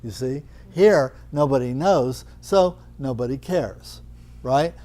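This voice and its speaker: A man's voice: mid-range voice, takes it slowly, dark tone. An older man teaching a live Thai yoga class, chatty and teasing, explaining with questions to students in the room.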